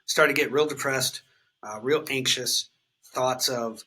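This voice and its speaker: A man's voice: medium pitch, unhurried, bright, forceful tone, husky, poor audio. Candid man telling a raw story. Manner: raw, unfiltered, swears freely, many fillers like "like" and "um". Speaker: guest sharing his recovery story.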